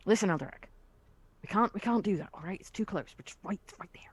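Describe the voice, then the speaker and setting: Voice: mid-range voice, quick pace, breathy edge. Chatty game master narrating play. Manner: chatty, laughs between lines.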